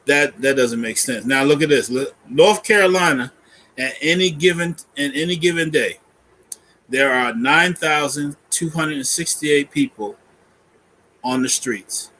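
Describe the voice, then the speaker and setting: A man's voice: a little high, a little slow, pushed and bright, poor audio. A man from Boston, speaking earnestly in a casual interview, laughing easily and working through statistics.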